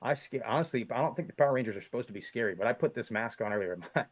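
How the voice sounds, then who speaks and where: A man's voice: medium pitch, animated, racing. A man hosting a college football podcast, talking in an upbeat, promotional way. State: voice muffled by a costume mask. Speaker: podcast host. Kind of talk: casual sports chat.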